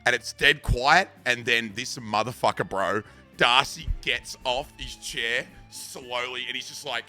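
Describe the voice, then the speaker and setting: A man's voice: mid-range voice, a little slow, sharp tone, faint music behind. A young Australian man casually telling a rambling, sweary school story, full of bro and dude. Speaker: streamer.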